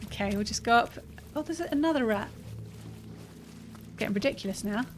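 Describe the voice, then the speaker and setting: A streamer plays a fantasy game, chatting casually and reading the dialogue options out loud in a let's-play style. Her voice sits on the high side and is expressive, moving a little fast. Music plays in the background, with faint noise behind it.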